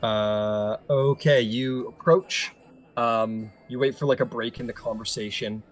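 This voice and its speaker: Laid-back male game master, low voice, halting narration, soft music underneath. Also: steady tone. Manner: casual, halting, many fillers.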